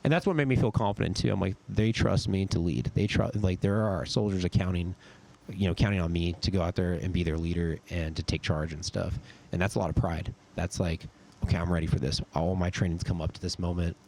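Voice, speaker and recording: A young man, a podcast guest and army sergeant, telling stories in a relaxed, casual way, full of "dude" and "like.". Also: low voice, a little fast, gravelly, a little hiss or hum. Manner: laid-back, says "dude" and "like" a lot. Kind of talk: casual storytelling chat.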